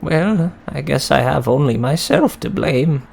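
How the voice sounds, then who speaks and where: A woman's voice: a bass voice, lively intonation, unhurried, gravelly, darkish tone, slightly rough, exaggerated voice. A woman voicing a frail, apologetic elderly widow in a horror game, who stammers and hesitates. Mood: resigned. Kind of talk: game dialogue.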